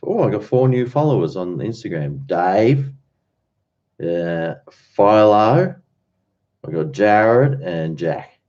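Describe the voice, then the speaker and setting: A man with a low, mellow voice chats loosely with his livestream audience and reads their comments aloud. His talk wanders from topic to topic. The audio is dull and lo-fi. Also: very animated, takes it slowly. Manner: chatty, rambling, answers chat comments. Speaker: livestream host. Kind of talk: casual chat with viewers.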